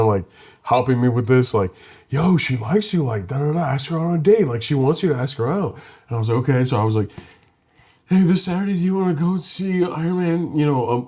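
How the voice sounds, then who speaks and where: A man's voice: medium pitch, a little mellow, slightly rough. A young man co-hosting a podcast, telling a story in casual chat and swearing freely. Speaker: podcast co-host.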